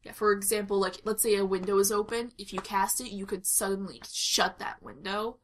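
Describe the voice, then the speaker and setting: A woman presents her character on a tabletop game podcast, her medium-pitched voice moving a little fast. She talks casually and at great length, rambling and giggling frequently as she explains.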